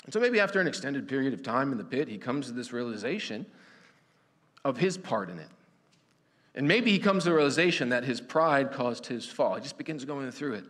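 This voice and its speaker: A man's voice: medium pitch, animated, fairly quick, a bit bright. A man preaching a sermon in an earnest, conversational way, with frequent restarts. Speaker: pastor. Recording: long reverb of a church hall.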